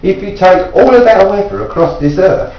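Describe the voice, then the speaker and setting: A man from England, a self-taught inventor, earnestly explaining his device and insistently challenging viewers to prove it wrong, rising in pitch as he pleads. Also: lively intonation, normal speed, creaky. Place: indoors at home. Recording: echoey room, distant mic, dull lo-fi sound.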